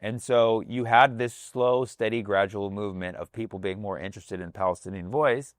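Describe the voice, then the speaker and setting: A male comedian chatting loosely on a podcast, his voice sitting a little low. He curses freely and acts out what other people say. The sound is dry and close. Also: moderate pace, no echo. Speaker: comedian guest. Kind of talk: casual podcast conversation.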